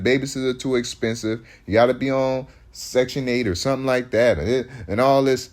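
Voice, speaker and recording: A man's voice: medium pitch, fairly even intonation, a little fast. A man, preaching in loose street talk that rambles, restarts often and hits points with emphasis.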